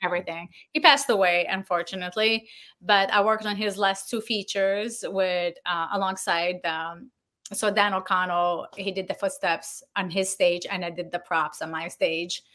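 A woman who works as a Foley artist, guesting on a podcast and telling a story in a lively, laughing way, acting out the voices of the people she quotes. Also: fairly low pitch, normal speed. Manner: animated, acts out quoted dialogue, laughs often. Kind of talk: casual storytelling.

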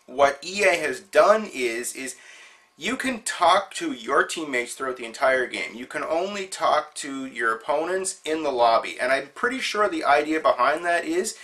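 A man's voice: on the high side, lively intonation, normal speed, bright, forceful tone. A man hosting his own show, telling a funny story in a chatty, amused way. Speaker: show host. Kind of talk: casual storytelling monologue.

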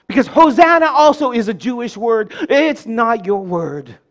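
A man's voice: extremely high pitch, expressive, moderate pace. A man preaching a sermon in church, leading the congregation in call-and-response and breaking in with joking asides.

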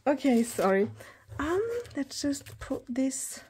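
A woman in her thirties chatting through an unboxing haul, gushing and excitable, often talking straight to her viewers. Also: high voice, slow, vocal fry, a little hiss or hum. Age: 30s. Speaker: planner hobby vlogger.

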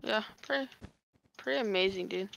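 Young woman gamer, mid-pitched, excitable and self-mocking, faint noise behind her. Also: a little fast, vocal fry, muffled recording. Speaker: gaming teammate. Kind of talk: casual gaming chat.

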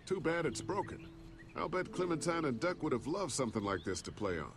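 A gravelly, steady survivor. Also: male voice, a little high. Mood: calm. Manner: measured, thoughtful. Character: calm, steady male survivor. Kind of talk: video game voice acting.

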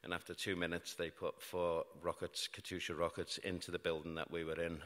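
Deep-voiced British man telling a story on stage. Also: level tone, fairly quick, a bit bright. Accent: British English. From Britain. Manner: wry, self-mocking humour about grim events. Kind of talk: live storytelling talk. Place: large hall before an audience. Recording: live hall with long reverb.

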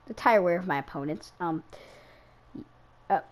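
A woman's voice: on the low side, normal speed. A woman giving casual, self-mocking running commentary while she plays a racing game, exclaiming whenever cars crash. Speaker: gaming YouTuber racing in an online league.

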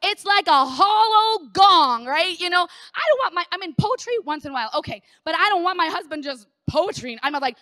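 A middle-aged woman pastor preaching a sermon in an animated, conversational way, repeating phrases for emphasis. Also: extremely high pitch, fairly quick, few pauses, dry recording, clean studio sound.

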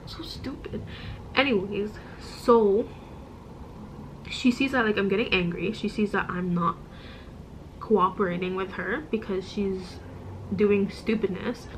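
A woman vlogger telling a story in a casual, animated and exasperated way, demonstrating with objects as she goes. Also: medium pitch, unhurried, pauses often, slight background noise, rough recording. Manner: demonstrates with objects while talking.

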